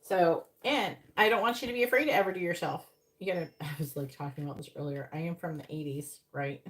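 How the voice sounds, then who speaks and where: A rambling woman in her forties reads tarot cards live for her viewers. Her voice sits a little low, and she drifts from thought to thought in a loose, chatty way, dropping casual curses along the way. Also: fast. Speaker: psychic tarot reader.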